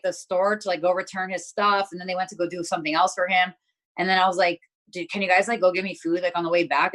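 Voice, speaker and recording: A woman's voice: on the low side, fairly bright tone. Blunt young woman telling a story. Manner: blunt, profane storytelling, heavy filler words. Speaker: interview guest. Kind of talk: casual chat.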